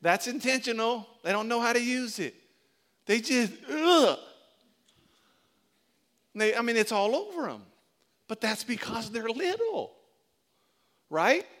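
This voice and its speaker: A man with a high, light voice preaches to his congregation. He is animated and tells stories, slipping into small acted-out scenes to make his point. He talks like a pastor with his people gathered in front of him. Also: slow pace, pauses often. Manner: animated storytelling, acts out little scenes. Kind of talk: sermon.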